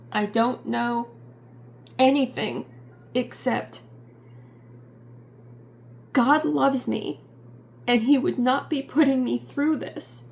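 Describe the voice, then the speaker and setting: A middle-aged woman talks to her channel in a slow, reflective vlog, stopping often to gather her words. Her voice sits fairly high with a gravelly fry, and a faint hiss of noise stays under the recording. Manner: halting, reflective, many ums and pauses. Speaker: YouTube channel host. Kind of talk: personal vlog update.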